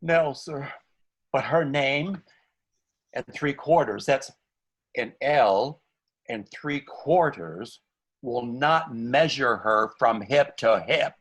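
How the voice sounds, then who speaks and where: A man's voice: medium pitch, slow, slightly rough, exaggerated voice. An actor reading a frantic comic male servant in a live online Shakespeare scene, talking over a video call. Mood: mocking. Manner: excitable, wildly swooping delivery.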